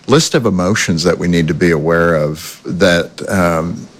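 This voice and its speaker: A man's voice: deep voice, unhurried. A male host in casual conversation, chatty with folksy asides. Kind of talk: conversational interview.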